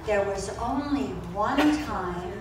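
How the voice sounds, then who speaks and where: A woman's voice: mid-range voice, slow. A woman telling wry, laughing anecdotes as a guest on a festival panel. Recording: echoey hall from far off with crowd noise.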